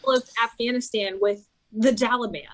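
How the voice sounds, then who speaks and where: A woman's voice: on the high side, steady tone, normal speed, a bit bright, rough recording. A woman co-hosting a political podcast, blunt and scornful in casual talk. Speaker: podcast co-host.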